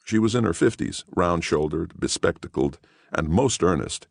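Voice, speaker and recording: Deep-voiced male audiobook narrator. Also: expressive, moderate pace, creaky, no echo, studio quality. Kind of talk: scripted narration.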